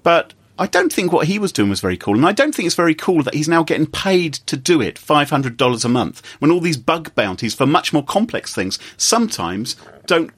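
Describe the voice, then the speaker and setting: A man's voice: fairly high pitch, fairly quick, hardly any pauses, husky. A man co-hosting a casual news podcast, telling stories with sarcasm. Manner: sarcastic, animated storytelling. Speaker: podcast co-host.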